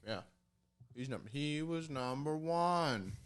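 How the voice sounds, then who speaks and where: A man's voice: a little high, expressive, slow pace, smooth. A man co-hosting a podcast in casual chat with friends, joking and laughing often. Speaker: podcast co-host. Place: room with several friends, live show.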